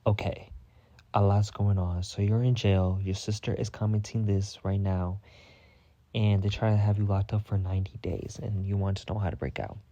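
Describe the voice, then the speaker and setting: A man's voice: on the low side, level tone, normal speed, dark tone, no echo. A man hosting a storytime podcast, telling a story in a sassy, dramatic way with heavy cursing. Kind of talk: casual profane storytime rant.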